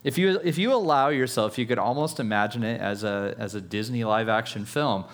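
A man's voice: lowish voice, a little fast. A man preaching a sermon in a playful, conversational way, with self-aware jokes and asides to the listeners. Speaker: pastor.

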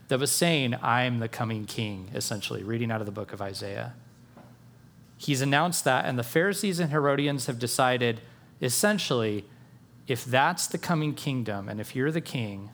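A man preaching a sermon, earnest, dropping quiet for emphasis and rising for rhetorical questions. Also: medium pitch, moderate pace. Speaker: pastor.

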